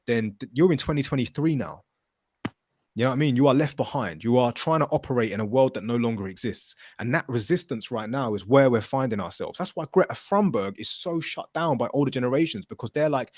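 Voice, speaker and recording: A man hosting a podcast, talking in an animated, casual way, swearing and telling stories with acted quotes. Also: mid-range voice, brisk, no echo, studio quality. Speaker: podcast host.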